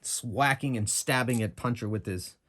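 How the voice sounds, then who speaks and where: A man's voice: mid-range voice, normal speed, fairly bright tone. A man running and narrating his own solo tabletop game, chatting and thinking aloud about rules and dice rolls.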